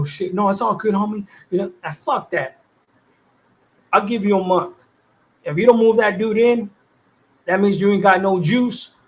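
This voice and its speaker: A man with a notably high voice talks loosely to his livestream audience, reading out viewers' comments. His speech is full of streetwise slang and easy laughs. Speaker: livestream host.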